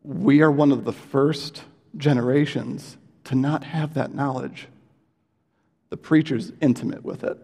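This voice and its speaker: A man of middle pitch preaches in an earnest, conversational way, often pausing on fillers and restarting his sentences. His voice carries a long reverb, as if he were in a large hall. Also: steady tone, creaky, darkish tone. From United States. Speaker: pastor. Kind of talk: sermon.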